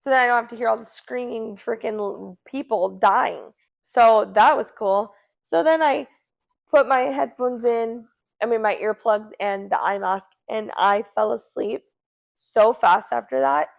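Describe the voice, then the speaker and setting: Gravelly-voiced young woman telling a story. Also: fairly high pitch, a little slow. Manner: animated, acts out quoted voices. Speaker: podcast co-host. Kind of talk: casual storytelling.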